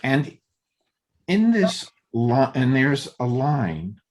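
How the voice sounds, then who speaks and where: A man leading a group Torah study discussion, halting and searching for words as he reads passages aloud and weighs which word to stress. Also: mid-range voice, big pitch swings, darkish tone, a little hiss or hum.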